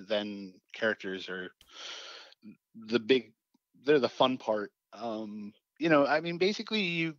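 A man's voice: medium pitch, no echo, lo-fi sound. A man, a comic writer being interviewed, talking casually and rambling with many fillers and restarts.

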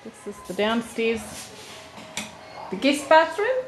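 Slow-talking woman. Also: on the high side. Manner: chatty, relaxed, laughs softly between remarks. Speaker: home video narrator. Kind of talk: casual home tour narration. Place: inside a family house. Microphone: handheld camcorder mic. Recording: noisy home camcorder audio.

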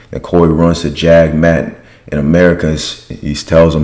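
Low-voiced male podcast host, casual slangy recap, acts out quotes. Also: level tone, moderate pace, a little mellow. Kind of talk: casual reality-show recap.

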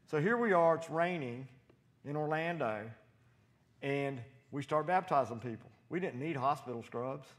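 A man preaching a sermon in a church, animated and storytelling, acting out voices as he quotes people. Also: fairly high pitch, normal speed. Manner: animated, acts out quotes with loud shouted voices.

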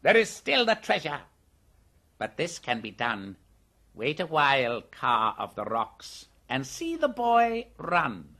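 A man voicing an ancient, evil male white cobra in an audiobook, slow and lisping with a menacing, gloating manner. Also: on the high side, huge pitch swings, sharp tone, pitched above the performer's own voice, exaggerated voice. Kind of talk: audiobook character voice.

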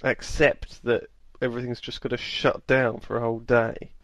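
A man's voice: mid-range voice, level tone, normal speed, a bit bright, dry recording, highs cut off. A man from England hosting a podcast, chatty and playful, laughing easily and quizzing his co-host. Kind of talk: casual comedy chat.

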